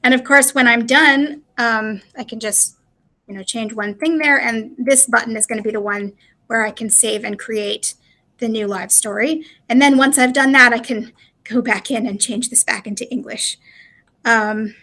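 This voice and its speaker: A woman's voice: a little high, steady tone, moderate pace, sharp tone. A woman presenting a live webinar walkthrough, chatty and explanatory, with frequent fillers. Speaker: presenter of a live product demo.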